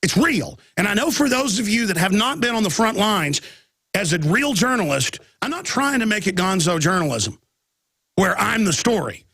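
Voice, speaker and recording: Gravelly talk radio host with a cold. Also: male voice, high voice, sing-song, normal speed, a bit bright, no echo, clean studio sound. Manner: rambling, agitated, many restarts. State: chest cold with coughing.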